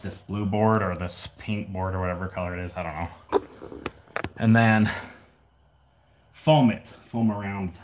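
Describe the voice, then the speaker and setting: Male vlogger, lowish voice, winded, rambling how-to talk while working. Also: fairly even intonation, a little slow, pauses often, background noise. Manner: chatty, rambling, jokey asides. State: out of breath. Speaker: DIY vlogger. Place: unfinished shed, indoors.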